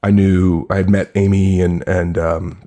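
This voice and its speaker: A man telling a long, animated anecdote as a podcast guest, rambling with many restarts and acting out quoted lines. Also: low voice, unhurried. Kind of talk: casual storytelling.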